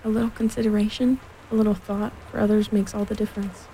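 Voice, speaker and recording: A woman's voice: mid-range voice, flat delivery, quick pace, dark tone, slight background noise, close to an everyday voice, rough recording. A woman voicing a gloomy, grumbling old male donkey in a storybook reading. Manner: grumbling, sour.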